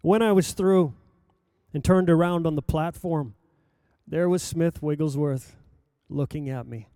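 An older man preaching, telling a personal story in a lively anecdotal way with acted-out quotes. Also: fairly high pitch, unhurried, smooth, dry recording, studio quality. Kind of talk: sermon storytelling.

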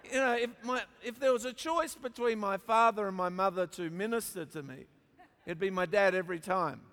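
A middle-aged man with an Australian accent, preaching a sermon as an animated storyteller who jokes with his congregation. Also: high voice, moderate pace. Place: large church auditorium. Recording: long hall reverb.

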